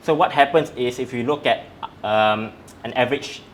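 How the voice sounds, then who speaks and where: In this interview, a man who works as a strength coach lays out information one step at a time in a methodical manner. He speaks at a moderate pace in a medium pitch, and a slight hiss or hum is audible.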